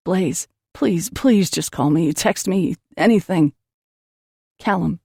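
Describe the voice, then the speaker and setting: A woman's voice: mid-range voice, moderate pace, mellow, dry recording, clean studio sound. A woman narrating an audiobook in an emotional first-person reading.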